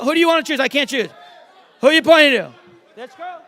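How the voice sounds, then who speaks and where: Cocky high-pitched guy doing magic onstage, cussing and teasing the crowd, bright voice, live theater mic. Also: animated. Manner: brash, joking, swearing, rapid crowd banter. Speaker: magician performer. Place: large theater stage before a live audience.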